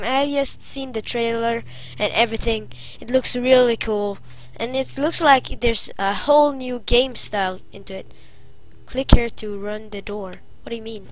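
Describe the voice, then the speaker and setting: A woman with a highish voice, fairly even intonation and moderate pace gives let's-play commentary on a horror game in a low-quality recording. Jumpy by nature, she cries out at each jump scare.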